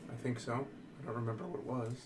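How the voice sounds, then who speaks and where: A man's voice: mid-range voice, fast, noisy background. A man playing his tabletop character, musing in a puzzled, earnest way. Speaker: player. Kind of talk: in-character tabletop role-play.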